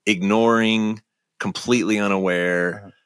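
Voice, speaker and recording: A man in his fifties with a deep, low voice talks with emphasis and candor, telling stories in a relaxed podcast chat. The sound is dry and close, with no room echo. He speaks like an easygoing guest among friends. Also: measured pace, clean tone. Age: 50s. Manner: emphatic, candid storyteller. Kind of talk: casual conversation. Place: home basement.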